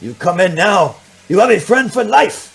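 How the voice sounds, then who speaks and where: A man's voice: sits high, expressive, moderate pace, gravelly, a bit bright, husky, soft background music, voice pushed up, heavily acted. A man voicing a defiant male corporate fixer who speaks in a clipped way. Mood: grateful.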